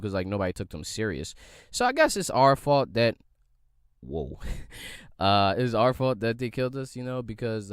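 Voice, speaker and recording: A man's voice: on the low side, no room sound, clean studio sound. A young man from the area, hosting a solo podcast in a loose, profane, rambling rant full of rhetorical questions. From Philadelphia area. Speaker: podcast host.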